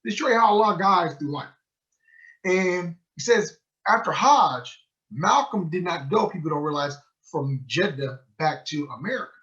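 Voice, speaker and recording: At a moderate pace and with a voice that sits high, a man presents a book club talk as a sheikh. His lively storytelling includes acted-out dialogue, making it a storytelling lecture, though the audio is muffled and lo-fi.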